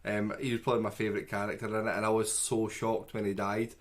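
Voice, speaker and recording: A man chats on a film podcast, eager and teasing as he defends a movie. His voice sits on the low side. He talks in a loose, conversational way. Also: flat delivery, fast talker. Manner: teasing, enthusiastic, chatty. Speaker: podcast co-host. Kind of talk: casual film review chat.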